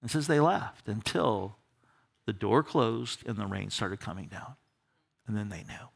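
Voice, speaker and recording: A male pastor teaching a verse-by-verse Bible study in church, animated and often repeating words as he starts a thought. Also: on the low side, a little slow, vocal fry, slightly rough. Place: church during a live service.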